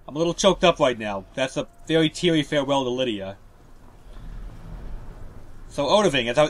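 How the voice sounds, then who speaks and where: A man's voice: mid-range voice, expressive, moderate pace, long pauses. A man giving casual, joking commentary over a video game walkthrough. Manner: chatty, joking, self-deprecating. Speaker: let's play host.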